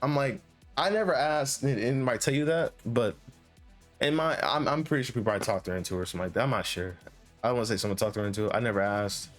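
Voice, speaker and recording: A man's voice: mid-range voice, fast. Young guy, casual storytime, rambly and profane, faint music behind. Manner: rambling, full of restarts and fillers, profane.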